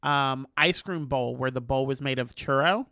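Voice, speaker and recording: A man's voice: mid-range voice, normal speed, sharp tone, clear, resonant tone, no room sound, clean studio sound. A man co-hosting a casual podcast, talking in a playful, gushing way. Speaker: podcast co-host. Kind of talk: casual chat.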